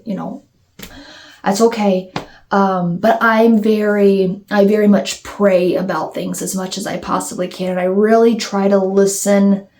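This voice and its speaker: A woman's voice: medium pitch, darkish tone. A woman talking candidly to her viewers in a casual Q&A vlog, rambling and restarting her sentences as she goes. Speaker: YouTuber answering viewer questions.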